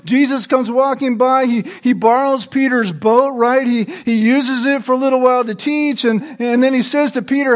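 High-voiced man preaching verse by verse. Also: steady tone, moderate pace, hardly any pauses. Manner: explanatory, frequent "right?" checks and small restarts. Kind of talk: expository sermon.

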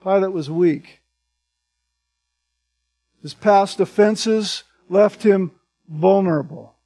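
Man, pastor, high-pitched voice, sermon, reads scripture then explains it. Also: slow, warm tone. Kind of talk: expository sermon.

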